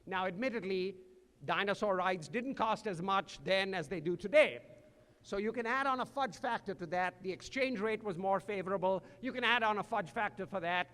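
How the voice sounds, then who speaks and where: An older man from India, giving a commencement address with dry humor and slow emphatic phrasing. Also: high voice, a bit bright. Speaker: commencement speaker. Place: large hall. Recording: echoey hall.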